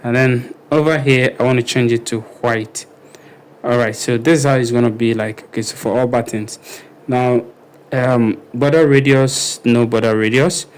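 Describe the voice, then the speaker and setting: Narrating a screen-recorded web design tutorial, a man talks casually and thinks aloud, filling pauses with ums and okays. His medium-pitched voice is smooth, with fairly even intonation.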